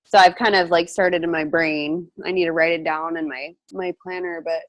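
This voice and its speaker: A woman's voice: lowish voice, fairly even intonation, moderate pace, no echo. A woman on a team video call, speaking hesitantly and casually with many fillers. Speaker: team member. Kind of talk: casual chat.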